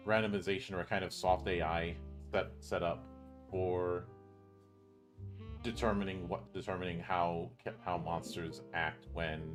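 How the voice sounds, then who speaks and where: A man's voice: low voice, fairly even intonation, unhurried, soft background music. A man hosting an interview who asks curious, long follow-up questions. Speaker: interview host. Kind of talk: casual interview.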